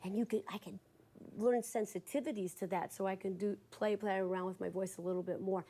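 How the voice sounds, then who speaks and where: A woman with a mellow, warm tone talks through her microphone technique in a thoughtful, explanatory way. A faint hiss and the odd click sit behind her. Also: mid-range voice, steady tone, brisk. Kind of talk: interview.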